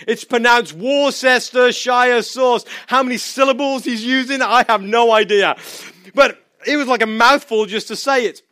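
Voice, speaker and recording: A man's voice: very high voice, normal speed, bright, forceful tone, no echo, clean studio sound. A man from England preaching a sermon as pastor, conversational and storytelling, with emphatic repeated phrases.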